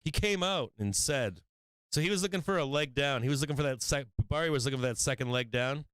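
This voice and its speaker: A man's voice: mid-range voice, quick pace, fairly bright tone, clean tone, dry recording. A man hosting a livestream market show, talking trading in a brash, profane, rambling way and laughing often. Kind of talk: casual livestream trading talk. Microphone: studio microphone.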